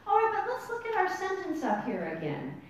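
A woman teaching a Bible study class, animated and asking her listeners questions. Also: brisk. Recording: distant mic in an echoey room with rumble.

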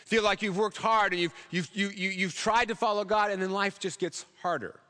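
A man's voice: high-pitched, fairly even intonation, moderate pace, bright, forceful tone, clear, resonant tone, long reverb tail. A man preaching a sermon in a church, conversational and humorous, acting out quotes along the way. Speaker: pastor.

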